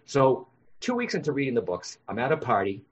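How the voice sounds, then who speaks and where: A man, a psychic medium guest on a podcast interview, telling lively stories and explaining his work. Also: medium pitch, brisk, slightly rough. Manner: animated, acts out voices in anecdotes. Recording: dull lo-fi sound.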